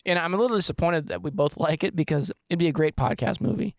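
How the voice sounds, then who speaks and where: Brief: male podcast co-host, rambling and jokey, gravelly, dry close sound. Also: on the high side, expressive, no room sound. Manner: rambling, quick jokey asides. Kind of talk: casual chat.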